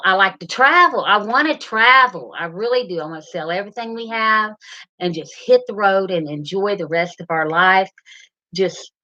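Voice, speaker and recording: This middle-aged livestream host has a fairly low voice that sounds pushed and bright. She rambles chattily through viewer comments, naming each person, and the lo-fi recording is a bit dull.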